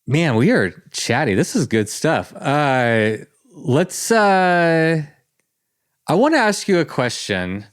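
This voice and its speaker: A male podcast host, chatty and animated, often laughing while he talks with his guest. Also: fairly high pitch, slow pace, no room sound, studio quality. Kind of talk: casual interview chat.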